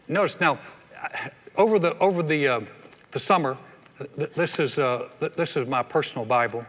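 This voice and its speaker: A man's voice: on the high side, moderate pace, fairly bright tone, in a large hall. An older man, a pastor preaching a sermon in a folksy, conversational way with playful asides. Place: church hall.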